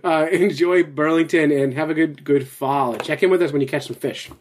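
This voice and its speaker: A man's voice: fairly high pitch, normal speed. A man from New Jersey co-hosting a podcast, chatting casually and joking often. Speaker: podcast co-host. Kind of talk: casual chat.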